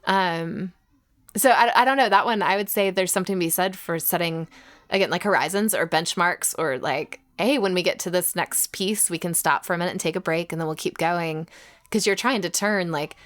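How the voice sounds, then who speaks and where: A woman co-hosting a casual church podcast, chatty and quick to laugh. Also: fairly low pitch. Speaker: podcast co-host.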